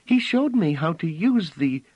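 A wide-eyed alien girl speaks in high, piping tones, hesitating over her words, as a man puts her on. Her voice is lifted well above his own and swings widely. The storybook reading is close and dry. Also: wildly swooping pitch, takes it slowly, husky, no room sound, muffled recording, full character voice. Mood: excited.

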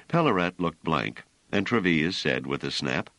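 A male narrator reading an audiobook in a deep, very lively voice. His delivery is measured and expressive, recorded dry and close with no room sound. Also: no room sound. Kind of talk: scripted narration.

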